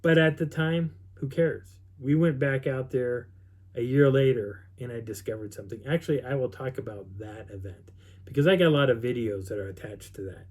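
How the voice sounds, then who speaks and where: A man's voice: mid-range voice, normal speed, a little mellow. Man telling a rambling story. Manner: rambling, with many restarts and quoted dialogue. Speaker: vlogger recounting an outdoor experience. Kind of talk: casual storytelling.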